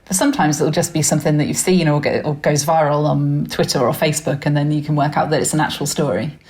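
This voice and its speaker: Woman, radio presenter, chatty, laughs often, low voice. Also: fairly even intonation, quick pace, a little mellow. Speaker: radio news presenter, guest. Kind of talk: casual podcast chat.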